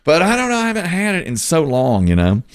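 A man's voice: a little high, huge pitch swings, quick pace, clear, resonant tone. A middle-aged man hosting a radio show, chatting and laughing often as he tells stories. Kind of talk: casual morning radio banter.

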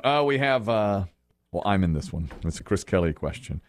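A man hosting a radio call-in game show, joking with co-hosts and slowly reading out fill-in-the-blank prompts. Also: low-pitched, sing-song.

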